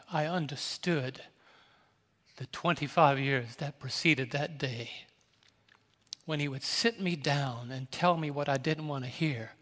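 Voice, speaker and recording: An older male pastor from New York tells a tender family story during a storytelling sermon, his fairly bright voice pitched a bit high for a man. Speaking in a personal, emotional way, he reaches out and calls to the congregation. His words echo through a big hall with long, trailing reverb.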